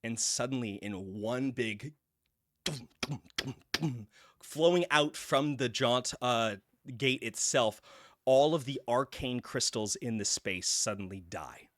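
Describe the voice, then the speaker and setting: A man running a tabletop game as game master, narrating a horror scene in vivid detail, often hushed, with fillers. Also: mid-range voice, slow. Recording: music underneath.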